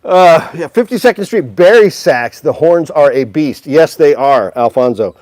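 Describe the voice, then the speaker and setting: A man's voice: a little high, animated, unhurried, a little mellow, no echo. A man hosting a casual music store livestream, upbeat and chatty, greeting viewers by name.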